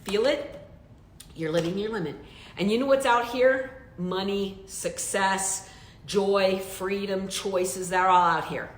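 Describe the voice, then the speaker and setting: A woman business coach giving a motivational training talk, speaking emphatically and putting repeated questions straight to her listeners. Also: slow pace. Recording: roomy echo, faint rumble.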